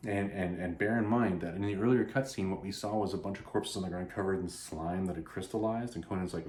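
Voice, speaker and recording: A man casually recapping a comic book, animated and rambling, often restarting his sentences. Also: sits low, fairly quick, few pauses. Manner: animated, rambling, self-interrupting. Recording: roomy echo.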